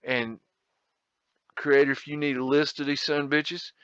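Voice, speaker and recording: A man's voice: a little high, little pitch movement, normal speed, fairly bright tone, clear, resonant tone, no room sound, lo-fi sound. A man hosting a casual photo tour, rambling, blunt and profane, with a folksy drawl. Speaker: video host.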